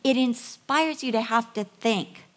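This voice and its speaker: A middle-aged woman giving a sermon, telling Bible stories with animated, acted-out dialogue. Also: a little high, a little slow. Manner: animated storytelling, acting out voices and whispers. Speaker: women's ministry speaker.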